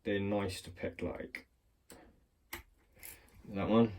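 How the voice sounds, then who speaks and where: Speaking extremely slowly, he keeps a steady tone in a low, slightly mellow voice. The lock-picking hobbyist rambles, swears, and mocks himself while demonstrating, captured on a clamped phone.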